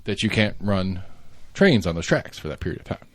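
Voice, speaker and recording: A man's voice: low-pitched, big pitch swings, fairly quick, no room sound. A man co-hosting a casual current-affairs podcast, rambling with lots of fillers and restarts and the odd swear word. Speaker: podcast co-host.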